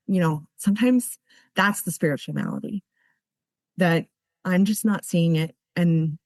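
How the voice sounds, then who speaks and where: A woman's voice: mid-range voice, no echo. Earnest woman sharing her recovery story. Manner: earnest, heartfelt storytelling with many restarts. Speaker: speaker at a recovery meeting. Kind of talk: personal testimony.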